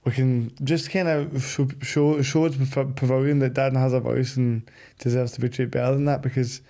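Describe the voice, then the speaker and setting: Flat, mellow man hosting. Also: medium pitch, moderate pace. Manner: hesitant, repeats words. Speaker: podcast host. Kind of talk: heartfelt casual chat.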